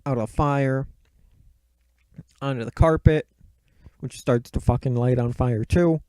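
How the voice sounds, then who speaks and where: A man's voice: mid-range voice, unhurried, warm tone, clear, resonant tone, no room sound. A man casually recapping a movie plot in a rambling, profane, offhand way. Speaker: movie reviewer.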